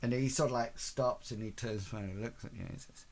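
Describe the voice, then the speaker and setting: Guy gm-ing a tabletop game, rambly, lots of sort of like, middle pitch. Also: steady tone, quick pace, darkish tone. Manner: rambling, full of "sort of, like" fillers. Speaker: game master.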